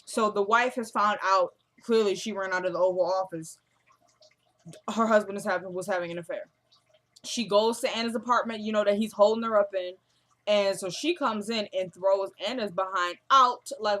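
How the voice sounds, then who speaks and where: A woman's voice: medium pitch, fairly bright tone. A woman casually recapping a TV episode, chatty and slangy, briefly acting out the characters' lines. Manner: chatty, acts out characters' lines in quick paraphrase; slangy, fillers like "you feel me". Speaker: TV show recapper.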